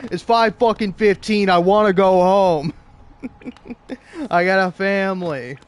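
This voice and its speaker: Male performer doing a yelling, fed-up boss, pitched up, loud and exasperated. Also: unhurried, clear, resonant tone.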